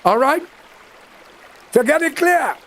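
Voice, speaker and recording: A man's voice: very high-pitched, lively intonation, takes it slowly, a bit bright. A Guyanese man giving a combative, scolding political rant aimed straight at a leader, in creole-flavored speech. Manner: combative, scolding, speaks straight at his target in creole grammar. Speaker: political commentator. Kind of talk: direct-to-camera political rant.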